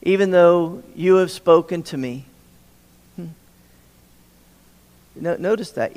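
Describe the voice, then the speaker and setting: A man's voice: high voice, moderate pace, a little mellow. Stammering preacher man in a reverberant hall. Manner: stammering, repeats words, acts out quoted dialogue. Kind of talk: sermon.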